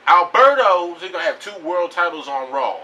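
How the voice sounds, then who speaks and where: A man's voice: sits high, lively intonation, normal speed, bright, forceful tone, distant mic, a little hiss or hum, rough recording. A man giving a blunt, profane, rambling rant about pro wrestling news in a casual home video. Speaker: wrestling vlogger.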